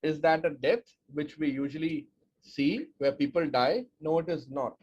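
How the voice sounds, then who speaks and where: An energetic man with a raised voice leads a webinar as a speech coach and drives his points home through emphatic repetition. He speaks over a video call microphone. The audio is dull and lo-fi, with faint background noise. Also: a little high, moderate pace. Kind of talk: webinar presentation.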